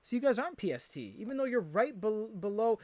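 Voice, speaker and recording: A man hosting a live stream, chatting casually and reading out viewer comments with excitable energy. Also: sits high, quick pace, no echo. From Canada. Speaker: livestream host.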